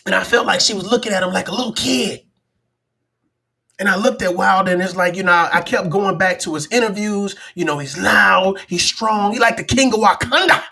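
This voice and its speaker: Husky animated man hosting a livestream. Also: high voice, normal speed. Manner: animated, acts out voices of others. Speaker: livestream show host. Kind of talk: casual live-stream commentary.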